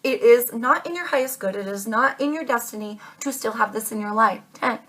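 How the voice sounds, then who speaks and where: A woman with a slightly high voice reads tarot for her viewers. She talks earnestly and insistently, repeats herself for emphasis, and calls her listeners babe and darling. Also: a little fast, a bit bright. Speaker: tarot reader.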